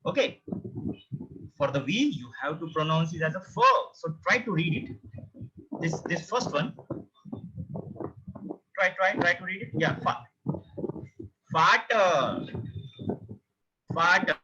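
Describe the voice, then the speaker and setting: A man teaching a beginners' class, repeating each sound slowly for his students. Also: fairly high pitch, animated, pushed and bright, slightly rough. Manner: repeats words slowly for learners, drawn-out demonstrations. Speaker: language teacher. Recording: muffled lo-fi recording.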